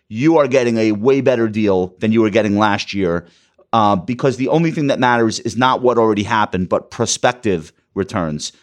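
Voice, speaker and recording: A man who works as a financial advisor, a guest on a podcast discussion, talking bluntly and candidly with wry jokes and the odd curse. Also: lowish voice.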